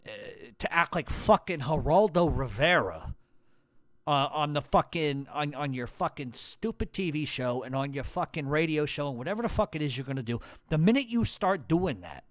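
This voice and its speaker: A man's voice: fairly high pitch, sing-song, normal speed, no room sound, studio quality. A man with a New York accent hosting a podcast, delivering a blunt, heated rant full of swearing. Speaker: podcast host. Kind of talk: profane angry rant.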